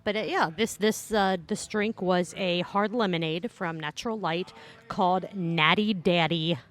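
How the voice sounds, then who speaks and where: A woman's voice: fairly low pitch, unhurried, soft background music. A woman co-hosting a podcast in casual chat, chatty and teasing. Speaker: podcast co-host.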